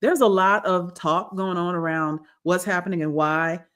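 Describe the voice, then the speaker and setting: A woman's voice: fairly low pitch, fairly even intonation, normal speed, a bit bright. A woman co-hosting a podcast, chatting casually about politics in a rambling way, often restarting her sentences. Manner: rambling, with restarts and quoted voices. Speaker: podcast co-host.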